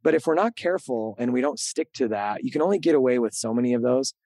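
A middle-aged man, a podcast host who is being interviewed, tells his own story candidly, earnest and animated, talking fast and doubling back on his words. His pitch is ordinary for a man, and the close, dry mic picks up no room sound.

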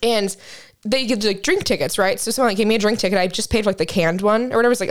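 Fast-talking young woman telling stories. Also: medium pitch. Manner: animated storyteller, swears freely. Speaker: podcast co-host. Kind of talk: casual chat.

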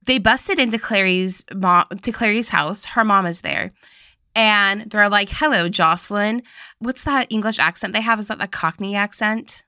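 A woman's voice: medium pitch, normal speed, pushed and bright, clean tone, no echo, clean studio sound. A young woman co-hosting a podcast, retelling a movie in playful, jokey talk. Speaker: podcast co-host. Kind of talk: casual movie recap chat.

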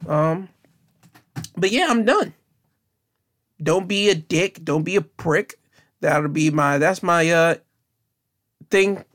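A man's voice: fairly high pitch, slow, long pauses, fairly bright tone. A young man hosting his own podcast, rambling through a casual sign-off with frequent restarts, earnest and encouraging. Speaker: podcast host.

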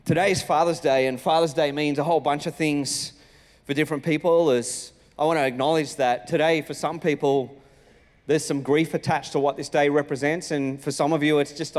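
A male Australian pastor gives a sermon in a relaxed, storytelling way, slipping into little voices for the greetings he quotes. His voice sits somewhat high and rings out with long reverb in a large church hall. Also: moderate pace. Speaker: senior pastor. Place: church auditorium.

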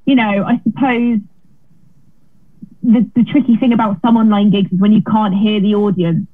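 A woman's voice: medium pitch, steady tone, moderate pace. A woman comedian chatting as an interview guest, self-deprecating and full of restarts, heard over a remote call. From Britain. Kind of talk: casual interview chat. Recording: tinny phone-like remote line.

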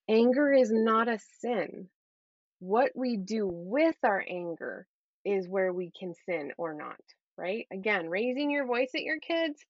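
A middle-aged woman speaking as a guest in an interview, earnest and encouraging, often checking in with a quick "right?". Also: mid-range voice, no echo, dull audio. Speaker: guest, Christian parenting coach. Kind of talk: conversational interview.

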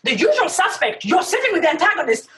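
Woman, high voice, very animated pitch, emphatic casual chat, a bit distant from the mic. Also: quick pace. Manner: animated, emphatic, acts out reactions.

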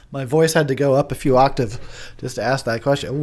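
A man's voice: mid-range voice, a little slow, long pauses. A tipsy man giving crude, rambling drunken movie commentary, laughing often. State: drinking, tipsy.

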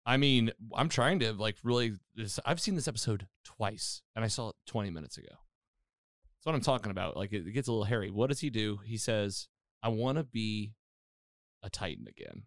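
A man's voice: on the low side, fairly quick, no echo, studio quality. A man hosting a casual chat, retelling a TV episode with lots of fillers and acted-out quotes. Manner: animated storytelling, acting out quotes, many fillers. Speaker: podcast host recapping a TV episode.

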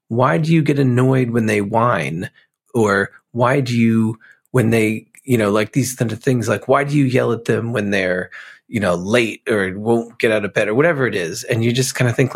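A middle-aged musician from Pennsylvania, a guest in a casual interview, speaking reflectively and rambling with many fillers. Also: male voice, lowish voice, vocal fry.

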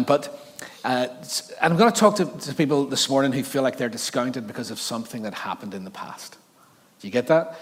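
Joking Northern Irish pastor in a hall. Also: male voice, mid-range voice. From Northern Ireland. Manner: jokey, chatty, laughs often. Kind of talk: sermon. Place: large church hall.

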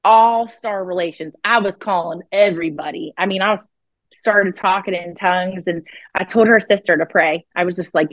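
A woman with a lowish voice talks at a moderate pace, with no echo but the highs cut off. She's a psychic guest on an interview podcast, telling a story bluntly and profanely and acting out others' words.

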